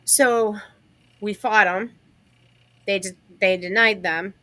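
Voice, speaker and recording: A woman co-hosting a casual livestream, telling stories in a chatty, animated way. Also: mid-range voice, slow pace. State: has the hiccups. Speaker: livestream co-host.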